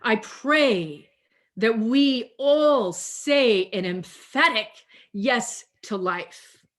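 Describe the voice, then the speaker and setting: Slow, deliberate woman pastor preaching. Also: fairly high pitch, expressive, fairly bright tone. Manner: deliberate, with emphatic repetition and drawn-out key phrases. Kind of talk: sermon over a video call. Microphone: video call.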